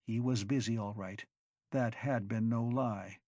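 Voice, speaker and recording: A man narrating an audiobook story in a steady, measured way. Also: lowish voice, dry recording, studio quality. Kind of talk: scripted narration.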